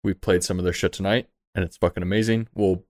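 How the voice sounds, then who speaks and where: Man, game master, lowish voice, casual jokey narration, swears a lot. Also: fast talker. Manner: relaxed, jokey, swears freely.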